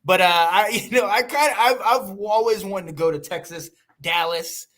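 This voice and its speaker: A man from the United States hosting a podcast, talking in a rambling, animated way with frequent laughs and restarts. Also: high voice, normal speed. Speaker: podcast host. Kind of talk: casual chat.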